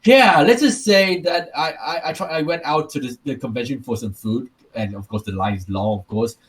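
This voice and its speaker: A man's voice: mid-range voice, normal speed. Rambling man with a Taiwanese accent. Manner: rambling, repeats and restarts words. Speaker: podcast co-host. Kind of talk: casual podcast chat.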